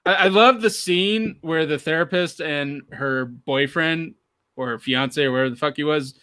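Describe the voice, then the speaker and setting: Podcast co-host, male, bright and animated, casual swearing, dry studio sound. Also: on the high side, a little slow, no room sound. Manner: animated, swears freely, bursts of laughter. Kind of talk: casual chat.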